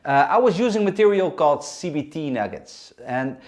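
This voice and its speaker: Excited man co-hosting, fairly high voice. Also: normal speed. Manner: enthusiastic, with many fillers and restarts. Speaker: co-host. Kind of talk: podcast hosting.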